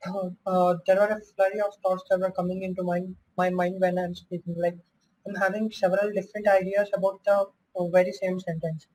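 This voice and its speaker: A male student on a video call, explaining his problem to a teacher in a hesitant, halting way. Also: high voice, little pitch movement, a little mellow, a little hiss or hum, rough recording.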